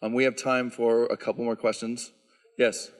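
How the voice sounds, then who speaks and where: A man who directs a handbell choir, answering audience questions at a concert and explaining the instruments in a relaxed, chatty way with frequent "um"s. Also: mid-range voice, moderate pace. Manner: explanatory, relaxed, lots of "um" fillers. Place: church sanctuary. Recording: reverberant church hall.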